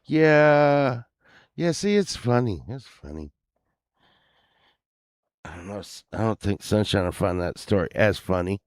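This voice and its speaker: A man's voice: lowish voice, lively intonation, measured pace, pauses often, no echo. A man rambling through a crude story to his live chat from his home studio, full of fillers and restarts. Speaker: streamer telling stories to chat.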